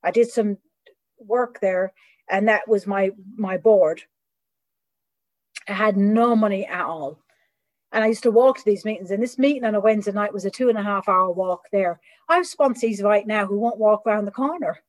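Middle-aged woman, candid personal testimony, animated, acts out quoted voices. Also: medium pitch, normal speed, poor audio. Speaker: recovery speaker.

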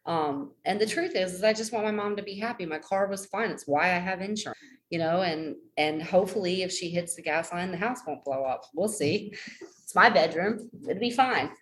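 Woman in her 40s rambling through a story about her mom, lowish voice, lots of um and like, jumps way up when quoting people. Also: normal speed, poor audio. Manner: rambling, self-deprecating, many fillers and restarts; acts out quoted voices with big pitch jumps. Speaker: speaker sharing a personal story. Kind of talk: casual personal storytelling.

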